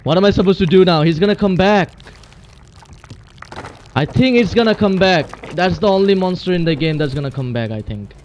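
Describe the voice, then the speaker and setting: A man's voice: sits high, lively intonation, brisk, a little mellow, highs cut off, slight background noise. Jumpy man doing gaming commentary. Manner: jumpy, exclaiming, talking to himself. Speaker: let's play host.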